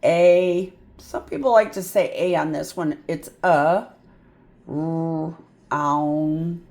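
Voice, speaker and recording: Slow, chatty woman reading tutor. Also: low-pitched, a little mellow. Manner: chatty, self-interrupting, thinks aloud. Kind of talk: phonics lesson at a whiteboard.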